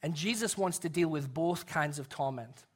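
Male pastor, 30s, higher-pitched voice; earnest sermon delivery with soft hushed stretches. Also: moderate pace, slightly rough. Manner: earnest, drops to a soft hush for emphasis.

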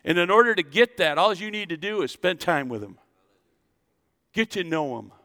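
Animated preacher man leading a sermon. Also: high-pitched, moderate pace. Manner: animated preacher, leads the congregation in call-and-response. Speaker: pastor. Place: church service.

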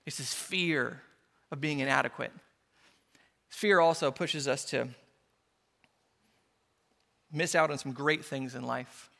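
A male pastor delivers a sermon in a church, his voice high and bright. He tells personal stories and acts out the quotes with playful energy. The sound carries a long hall reverb. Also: moderate pace, creaky, pauses often. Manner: storytelling with playful acted-out quotes.

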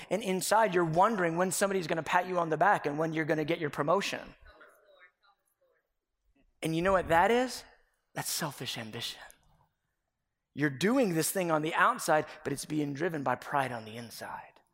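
A middle-aged man preaching a confessional sermon as pastor, earnest and swinging between loud and hushed. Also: high-pitched. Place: church sanctuary. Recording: echoey hall with long reverb.

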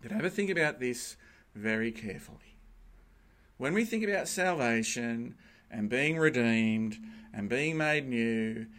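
A man preaches a sermon in a church, his voice swinging widely between soft, reflective asides and loud, emphatic peaks. He slows down to stress key words and talks directly to the congregation. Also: mid-range voice. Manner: animated, rising to emphatic peaks with pauses. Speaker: pastor.

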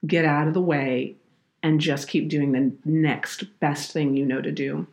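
A woman's voice: sits low, steady tone, unhurried, darkish tone. A woman, an earnest podcast guest telling a heartfelt faith story. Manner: earnest, heartfelt, tearful at moments. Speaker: podcast guest, children's minister.

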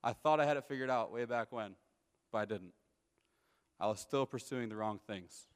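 Young male speaker, twenties, mid-pitched, relaxed testimony storytelling, long hall reverb. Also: normal speed, smooth. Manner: conversational storytelling, checks in with listeners. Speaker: speaker giving a personal testimony. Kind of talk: personal testimony talk to an audience.

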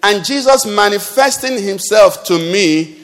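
A man's voice: high-pitched, animated, a little slow, fairly bright tone, faint music behind. A man preaching a sermon, questioning the congregation and calling for responses. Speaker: pastor. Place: church hall. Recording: long hall reverb.

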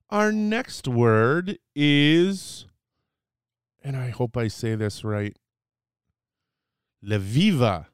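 A man's voice: medium pitch, clear, resonant tone, no room sound, studio quality. A man hosting a casual segment, teaching a few words in a playful, chatty way with fillers and self-corrections. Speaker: host teaching Hebrew words. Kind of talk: casual podcast lesson.

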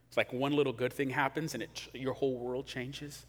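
A man preaching a sermon in a casual, animated way, acting out quotes, in a church hall. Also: mid-range voice, normal speed. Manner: conversational, animated, acts out quotes. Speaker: pastor. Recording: long hall reverb.

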